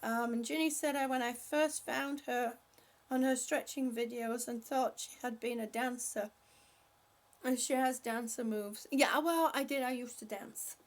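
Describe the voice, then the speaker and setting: High-voiced older woman leading gentle stretches. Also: steady tone, unhurried. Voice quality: breathy at times. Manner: warm, chatty, reads viewer comments aloud, laughs often. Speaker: livestream host leading stretches. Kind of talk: casual livestream chat and exercise cues.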